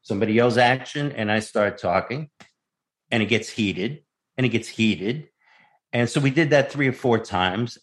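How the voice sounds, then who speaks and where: A male actor, a guest, telling a casual anecdote and acting out the voices as he goes. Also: lowish voice. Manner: animated storyteller, acts out voices.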